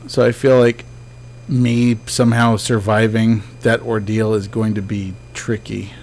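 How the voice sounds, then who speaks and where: A man's voice: fairly low pitch, little pitch movement, unhurried, darkish tone, a little hiss or hum. A man giving casual let's-play commentary as a game streamer, chatty and joking, talking back to the ghosts on screen.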